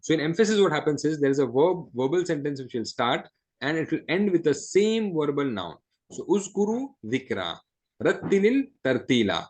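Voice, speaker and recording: Quick-talking man teaching Arabic grammar. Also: a little high, big pitch swings, darkish tone. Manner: explains step by step, checks in with "right?"; quick Arabic recitation between slower English. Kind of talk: classroom lesson.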